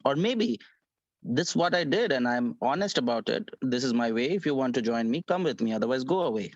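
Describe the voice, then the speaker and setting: A man's voice: mid-range voice, expressive, brisk, no room sound. Earnest man on dull, dry call audio. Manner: earnest, speeds up when arguing. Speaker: class participant. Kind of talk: class discussion and poetry reading. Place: online class call.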